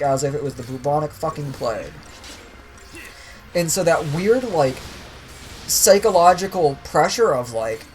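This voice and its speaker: Brief: young streamer, theatrical profane rants over gameplay, mid-pitched voice, faint background hiss. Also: poor audio. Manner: profane, exasperated, dramatic ranting. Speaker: streamer playing a video game. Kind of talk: casual ranting commentary while gaming.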